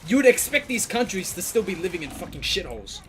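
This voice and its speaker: Young aussie dude streaming a game, swearing nonstop, pitch jumping all over. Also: male voice, sing-song, fast, a little hiss or hum. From Australia. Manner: ranting, profane, frequent fillers. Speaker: gaming streamer. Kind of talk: casual gameplay commentary.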